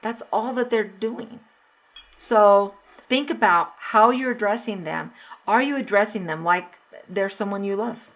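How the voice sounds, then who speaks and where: A woman's voice: mid-range voice, measured pace, a bit bright. A middle-aged woman hosting a podcast, giving parenting advice in a conversational way, laughing often and acting out what parents and children say. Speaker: podcast host.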